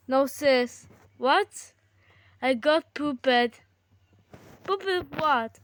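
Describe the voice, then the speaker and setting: High, slow-talking excited girl gaming. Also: no room sound. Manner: excitable, bickering, quick exclamations. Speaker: gamer. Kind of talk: casual gaming chat with a sibling.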